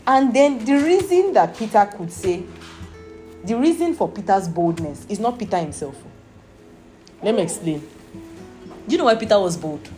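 An earnest Nigerian woman, mid-pitched, teaching a Bible lesson and often stopping to ask whether her listeners follow. Her voice rings around a roomy space, with music playing clearly behind her. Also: expressive, normal speed, long pauses, mellow. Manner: earnest, repeatedly asking "Do you understand?".

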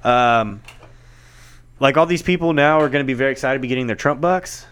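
Smooth-voiced man in loose banter. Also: medium pitch, brisk, a bit bright. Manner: loose, profane, joking banter with laughs. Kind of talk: casual chat.

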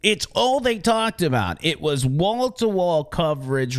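A man's voice: fairly high pitch, very animated, unhurried, few pauses. A man hosting a political opinion show, speaking emphatically and mockingly, repeating words for effect. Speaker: political commentary host. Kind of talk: opinion monologue.

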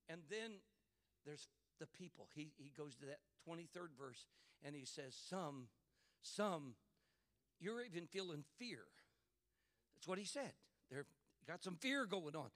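A man preaching a fervent sermon in church, building to shouts and calling out to the congregation. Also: fairly high pitch, no room sound.

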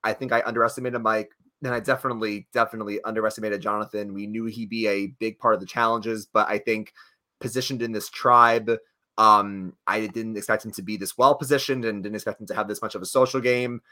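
A man with a bright, clear tone talks through the week's episode in a loose, rambling manner. He restarts sentences often and leans on fillers as he chats with his co-host. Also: fairly low pitch, fairly even intonation, fast talker. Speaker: podcast co-host. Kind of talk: casual chat.

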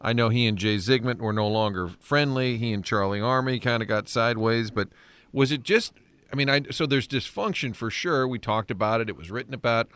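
A man's voice: mid-range voice, brisk, a bit bright, clear, resonant tone, no echo. A man hosting a casual interview, asking rambling, multi-part questions. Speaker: host, interviewer.

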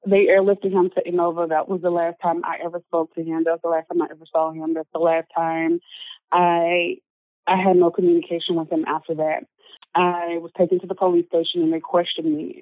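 A woman's voice: on the low side, no echo. A woman telling a personal story as an interview guest, earnest and full of filler words. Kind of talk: personal story told in conversation. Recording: narrow phone-like sound, dry.

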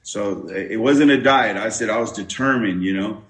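A man's voice: fairly low pitch, normal speed, fairly bright tone. A man giving his testimony as an interview guest, telling his story with many restarts and acting out the voices he quotes. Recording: roomy echo.

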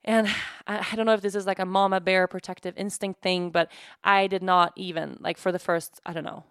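A woman in her thirties hosting a podcast, talking candidly and emotionally in a halting way, tired from sleepless nights. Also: lowish voice, fairly even intonation, a bit bright, smooth, dry recording, clean studio sound. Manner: halting, emotional, many restarts and "like". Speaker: podcast host. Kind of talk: candid personal monologue.

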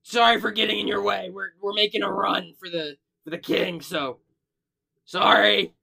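A man voicing a panicked little male kobold lookout who shouts in a shrill, high voice. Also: fairly even intonation, normal speed, vocal fry, heavily acted. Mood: apologetic.

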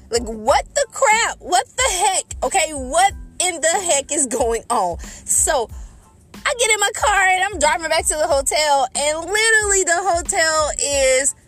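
A young woman talking from her car to her listeners, excitable and exasperated, breaking into laughter often. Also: very high voice. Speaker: podcast host. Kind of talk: casual storytelling to listeners. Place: in her car, parked and driving. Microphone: phone.

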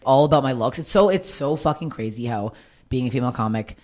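A woman comedian talking bluntly and swearing freely in a candid conversation, with a low voice. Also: lively intonation, fast, darkish tone. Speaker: comedian and podcast guest.

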